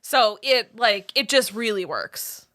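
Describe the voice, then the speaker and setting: Bright high-voiced woman recapping TV. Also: animated. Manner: chatty, quick asides, laughs between points. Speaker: podcast co-host. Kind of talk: casual TV recap chat.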